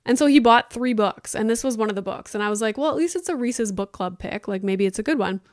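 A woman's voice: on the high side, quick pace, dry recording, clean studio sound. A woman hosting a casual solo podcast, chatting and swearing freely, filling her talk with "like" and acting out her own reactions. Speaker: podcast host.

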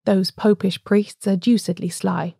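A woman's voice: medium pitch, fairly even intonation, unhurried, creaky, warm tone, breathy edge, no echo, studio quality. A woman reading aloud, voicing a blunt, peevish male doctor in a storybook. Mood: grudging. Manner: blunt, sulky.

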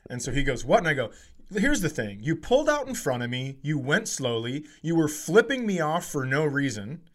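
Middle-aged male comic, slightly high voice, rambling animated anecdote. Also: normal speed. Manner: animated, swearing, acts out heated quotes in a shrill voice. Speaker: comedian podcast co-host. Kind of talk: casual storytelling chat.

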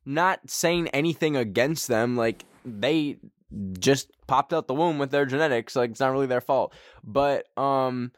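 A man's voice: mid-range voice, measured pace, no echo, studio quality. A man hosting a podcast in casual chat from a friend's room, rambling with lots of fillers and poking fun at himself. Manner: rambling, filler-heavy, self-mocking. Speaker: podcast host. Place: friend's darkened bedroom.

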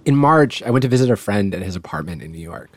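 40s guy hosting an explainer podcast, lowish voice, dry playful narration. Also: lively intonation, quick pace, a little hiss or hum. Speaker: podcast host.

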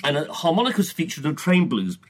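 A man's voice: on the high side, sing-song, brisk. A man with a British accent hosting a podcast, reading old press clippings aloud in a casual, rambling way with stammered restarts. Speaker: podcast host.

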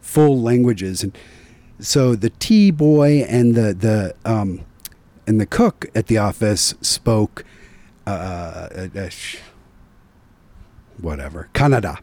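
A man's voice: fairly low pitch, slow pace, long pauses, mellow. A man in his forties, a podcast guest in casual chat, hesitant and searching for words. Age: 40s.

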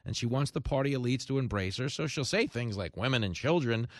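A man's voice: medium pitch, expressive, a little fast, no room sound. A man hosting a talk radio show, delivering a sarcastic, opinionated monologue full of asides. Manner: sarcastic, riffing with acted-out quotes. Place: radio studio.

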